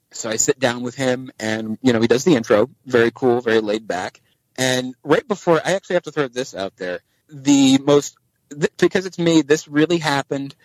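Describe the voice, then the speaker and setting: A man at an ordinary middle pitch tells a long story as a podcast guest, acting out each exchange in bits of other voices. The sound is close and dry, with no room around it. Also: fairly quick, no room sound, poor audio. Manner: animated anecdote teller, acts out dialogue in voices. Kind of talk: casual storytelling chat.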